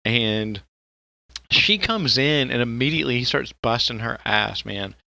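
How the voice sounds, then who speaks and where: A man with a gravelly, tense edge to his voice, talking loosely on a podcast. He rambles and swears, often breaking into laughter. The sound is dry and close. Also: medium pitch, expressive, measured pace, bright, forceful tone, no echo. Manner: rambling and profane, with frequent laughter. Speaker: podcast co-host. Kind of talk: casual podcast chat.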